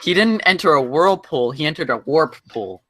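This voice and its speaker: Joking male player in a tabletop game, slightly high and bright voice. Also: lively intonation, moderate pace. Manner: joking, playful. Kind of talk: casual tabletop gaming banter.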